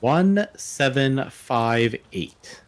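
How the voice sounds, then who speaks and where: A man's voice: mid-range voice, animated, extremely slow. A man playing a puzzle game on stream, talking through each step aloud. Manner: thinking aloud while solving puzzles. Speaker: streamer guest. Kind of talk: casual live-stream chat.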